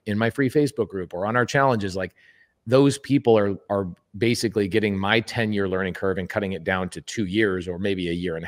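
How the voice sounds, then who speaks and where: Emphatic low-voiced man on a podcast. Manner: emphatic, animated storyteller who acts out quoted speech; plain-spoken, repeats words for emphasis. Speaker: podcast guest. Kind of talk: casual podcast conversation.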